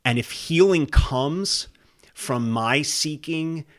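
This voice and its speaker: A man speaking as a podcast guest in an earnest, halting way, often restarting his sentences. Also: on the high side. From United States. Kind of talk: casual interview. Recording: podcast interview.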